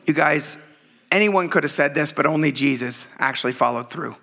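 A pastor preaching a sermon in a conversational, joking and emphatic way, often checking in with the congregation. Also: male voice, on the high side, moderate pace, bright, forceful tone.

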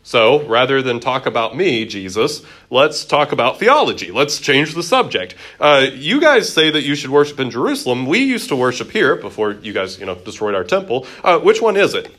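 A man's voice: mid-range voice, normal speed, hardly any pauses, echoey room, rough recording. Bible teacher quizzing his class. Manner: lively, quizzing students and acting out quotes. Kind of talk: classroom Bible lesson with questions.

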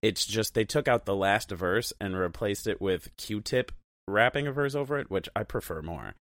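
A man's voice: lowish voice, moderate pace, fairly bright tone, dry recording, studio quality. A man co-hosting a casual music podcast, joking and laughing often as he reads out band facts. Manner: laughs often, fillers, jokey asides. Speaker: podcast co-host. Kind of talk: casual chat.

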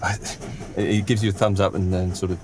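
A man narrating as game master in a tabletop game, halting and full of restarts. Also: low voice, level tone. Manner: halting, lots of fillers and restarts.

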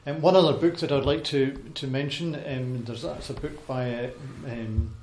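A man's voice: mid-range voice, fairly even intonation, moderate pace, darkish tone. Hesitant man giving a talk in an echoey hall. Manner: hesitant, many ums and restarts. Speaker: speaker giving a Bible talk. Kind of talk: informal talk to a congregation. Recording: echoey hall with faint noise.

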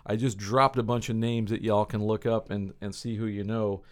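A man's voice: lowish voice, level tone, moderate pace. A man hosting a studio podcast, reading news items in a casual, upbeat, joking way. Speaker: podcast host. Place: recording studio.

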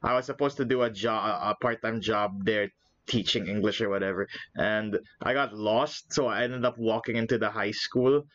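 A man's voice: fairly low pitch, moderate pace, no room sound. A young man talking loosely on a podcast, cursing freely and laughing through his stories. His voice sounds a little dull and dry, with no room in it. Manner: profane, laughing, animated storyteller. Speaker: podcast co-host. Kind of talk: casual chat.

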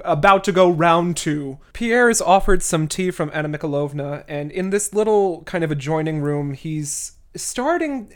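Casual, irreverent podcast host with a mid-range voice, chatty book-club energy. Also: mid-range voice. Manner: chatty, irreverent, occasional swearing.

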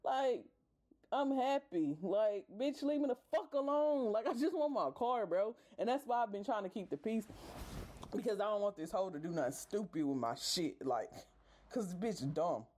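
A woman's voice: mid-range voice, lively intonation, moderate pace, darkish tone. A woman hosting a podcast, ranting casually and profanely with exasperated bursts of laughter. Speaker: podcast host.

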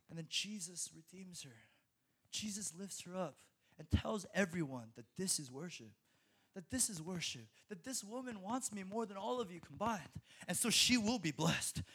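A young man preaching a sermon in an animated way, laughing often and repeating words when excited. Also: high-pitched, breathy edge.

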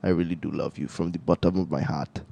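A man's voice: low-pitched, steady tone, quick pace, gravelly, mellow, no room sound, lo-fi sound. A man hosting a podcast, joking around in slangy casual chat and laughing often. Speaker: podcast host. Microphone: headphone headset.

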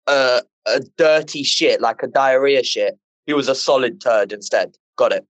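A man co-hosting a casual film podcast with friends, ranting in slang in an animated way. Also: medium pitch, moderate pace, no room sound. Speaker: podcast co-host.

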